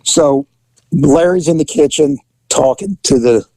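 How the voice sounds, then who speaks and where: List, middle-aged man, ex-cop storyteller, gravelly, higher voice, dry close sound, animated, profane. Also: unhurried, no echo, rough recording. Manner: profane, laughing often. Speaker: former police officer telling stories. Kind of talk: casual storytelling chat.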